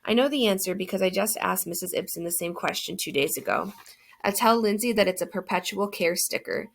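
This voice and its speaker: A woman's voice: medium pitch, fairly quick, vocal fry, slight background noise. A woman reading a first-person novel aloud as an audiobook narrator, earnest and reflective.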